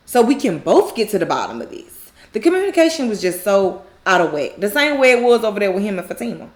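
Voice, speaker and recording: In a fairly quick, sing-song, mid-range voice, a woman who makes recap videos on YouTube walks through a TV drama episode casually. She replays scenes with animation, voices the characters' lines, and laughs frequently.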